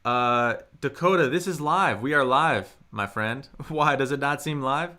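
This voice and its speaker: Upbeat man teaching on a livestream. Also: mid-range voice. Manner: upbeat, reads chat aloud, models tones slowly and loudly. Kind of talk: live online language lesson.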